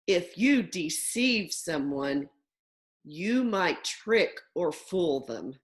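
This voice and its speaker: A woman teacher giving a phonics lesson to young children from home, slow and deliberate, stretching out sounds and words. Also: lowish voice, sing-song.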